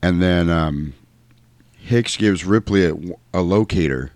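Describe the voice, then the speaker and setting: A man casually recapping a film on a podcast, animated and acting out quotes as he goes. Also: deep voice, takes it slowly, no echo.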